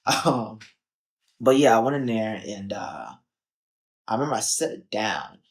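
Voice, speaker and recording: His voice is lowish and his pace unhurried. A young man from Chicago guesting on a podcast, he relays his story casually and animatedly, acting out what people said and peppering it with "like" and "um."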